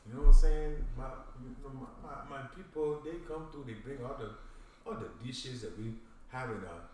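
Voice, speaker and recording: An actor playing a brash young African prince with a Southern accent, talking in profane, boastful, rambling slang in a comedy interview sketch. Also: male voice, medium pitch, moderate pace, slight background noise, close to an everyday voice. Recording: echoey room, distant mic, faint ambience.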